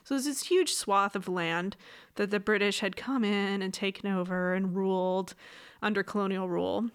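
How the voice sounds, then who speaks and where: Woman, casual podcast host, jokey storyteller, silly quoted voices, mid pitch. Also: clean tone. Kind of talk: casual history chat.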